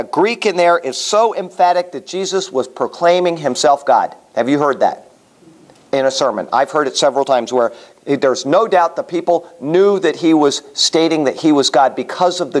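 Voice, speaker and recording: A man's voice: on the high side, animated, normal speed. A man leading a Bible study class in a conversational way, asking the class questions as he teaches. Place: room with a small class.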